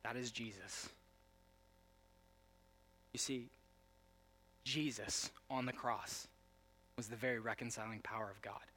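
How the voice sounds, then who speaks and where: A young adult man preaching a sermon, moving between quiet storytelling and loud, emphatic preaching. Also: medium pitch, steady tone, measured pace, pauses often. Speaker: pastor.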